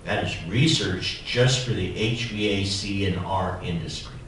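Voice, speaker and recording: A man giving a keynote speech as a society president, telling a personal anecdote in an animated, humorous way. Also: low voice, unhurried, a little hiss or hum. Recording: echoey hall, voice from far off.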